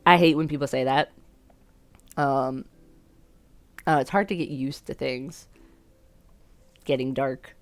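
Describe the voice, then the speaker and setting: A woman's voice: a bass voice, slow pace, pauses often, no echo. A woman playing a dating sim, reacting, joking, swearing and laughing as she reads the game's text aloud. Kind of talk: let's-play commentary and reading game text aloud.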